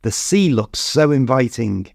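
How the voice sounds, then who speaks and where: A man's voice: medium pitch, animated, unhurried, vocal fry, a little mellow, no echo, clean studio sound. A man with a British accent voicing a cheerful, chatty uncle who likes a quip. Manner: chatty, quippy.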